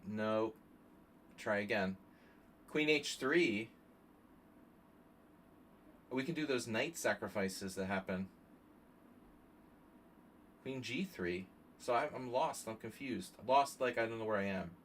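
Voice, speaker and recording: A man's voice: on the low side, slow pace, long pauses, fairly bright tone, slight background noise. Man muttering chess moves aloud. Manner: thinks aloud, mutters moves, chats with viewers. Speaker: chess streamer. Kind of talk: live stream commentary while playing blitz chess.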